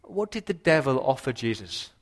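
A man preaching a sermon with passion, his voice rising for emphasis and dropping low for quiet points. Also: big pitch swings, moderate pace. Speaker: pastor.

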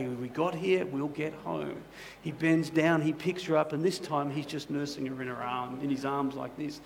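Gravelly-voiced pastor telling a story. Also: male voice, high voice, slight background noise. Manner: conversational, many "you know" asides. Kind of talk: sermon with storytelling.

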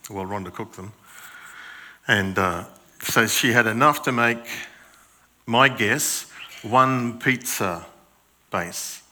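A man's voice: lowish voice, takes it slowly, long pauses, sharp tone. An older man preaching a chatty sermon to a church, joking about himself and quizzing the children. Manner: chatty and self-mocking, asks the children questions. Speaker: pastor. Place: church hall.

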